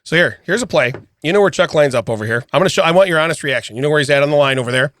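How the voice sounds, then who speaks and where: A middle-aged man co-hosting a podcast, telling an animated story in casual chat, often checking in with "okay?" and restarting his sentences. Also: a little high, rapid-fire, dry recording, studio quality. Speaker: podcast co-host.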